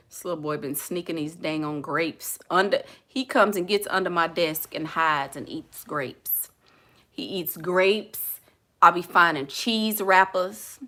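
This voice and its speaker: Casting: bright, forceful young woman with a Houston drawl, blunt and laughing as she riffs on viewer comments. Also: fairly low pitch, animated, unhurried. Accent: Southern US (Houston). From Houston, Texas. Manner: blunt, laughing, talks back to chat. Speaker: vlogger reading live comments. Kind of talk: casual chat.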